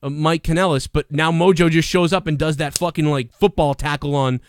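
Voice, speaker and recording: A man reviewing a wrestling show on a livestream, rambling and swearing in casual, excitable talk. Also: a little high, fairly quick, smooth, no room sound, clean studio sound. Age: adult parent. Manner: profane, rambling, excitable, acts out bits in quotes.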